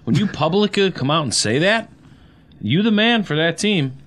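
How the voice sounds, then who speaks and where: A man's voice: on the high side, sing-song, moderate pace, fairly bright tone. A man co-hosting a casual sports podcast, blunt and wry as he tells stories.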